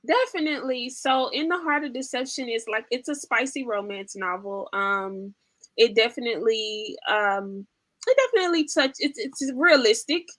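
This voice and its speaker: An eager woman author talks about her books in an interview. Her voice sits very high and rings with a sharp, bright edge. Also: moderate pace, no room sound. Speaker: guest author. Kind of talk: interview chat.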